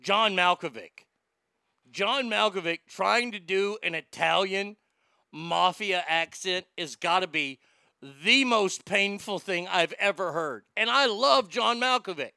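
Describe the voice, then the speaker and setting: A man hosts a talk podcast with a bright, forceful voice that is smooth and resonant. He reads listener comments and rants bluntly with plenty of swearing, jumping from loud outbursts to low muttering. The sound is dry and close. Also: animated, unhurried, dry recording. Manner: blunt, profane ranting. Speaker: podcast host. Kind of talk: casual chat reading listener comments.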